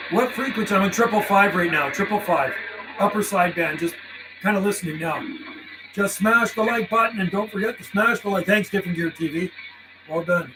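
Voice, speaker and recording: A man live-streaming from his home radio desk, chatting casually with viewers and calling out to other radio stations in a relaxed, friendly way. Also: high voice, moderate pace, long pauses, over music, rough recording. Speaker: CB radio livestreamer. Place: warm house indoors.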